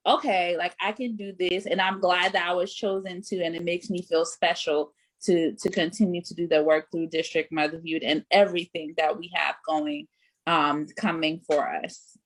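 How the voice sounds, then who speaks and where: A woman's voice: lowish voice, flat delivery, normal speed. A young adult woman hosting a casual panel discussion, talking emphatically with many fillers. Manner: emphatic, conversational, lots of fillers. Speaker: panelist and host.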